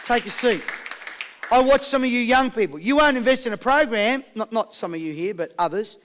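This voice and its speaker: A man with an Australian accent giving a high-energy motivational seminar, rallying a live audience with questions and call-and-response. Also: animated, fairly quick, a bit bright, some chatter behind, a little hiss or hum. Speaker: motivational speaker.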